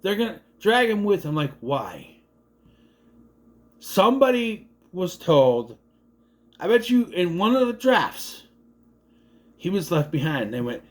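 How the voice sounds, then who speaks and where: A young adult man casually recapping and reviewing a movie, rambling and jumping into quick impressions of the characters. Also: sits high, sing-song.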